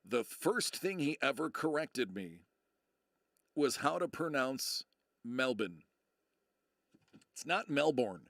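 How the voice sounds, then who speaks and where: A man's voice: on the high side, very animated, slow, gravelly, a bit bright, dry recording, clean studio sound. A middle-aged American man chatting casually on a live stream, rambling and joking about himself, full of fillers and restarts. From United States. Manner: rambling, self-deprecating, many fillers and restarts.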